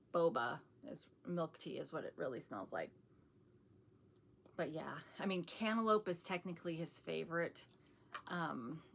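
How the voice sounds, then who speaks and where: Chatty low-voiced woman vlogger. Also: a bit bright, a little hiss or hum. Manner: chatty, rambling, laughs often, self-described sarcastic. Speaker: vlogger showing a shopping haul. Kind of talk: casual haul chat.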